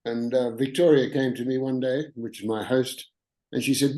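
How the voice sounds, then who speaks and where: An Australian man talks about his life in a relaxed, anecdotal way. His voice is mellow and unforced. He sounds like a guest calling in to a podcast. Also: mid-range voice, moderate pace, rough recording. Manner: easygoing anecdotal storyteller. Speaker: guest author. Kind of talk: casual interview chat over the line. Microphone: remote call line.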